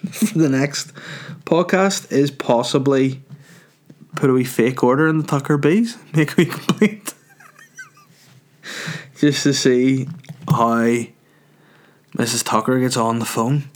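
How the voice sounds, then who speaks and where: A man's voice: mid-range voice, takes it slowly, pauses often. A man hosting a comic podcast, reading reviews aloud with wry, mocking remarks. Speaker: podcast host.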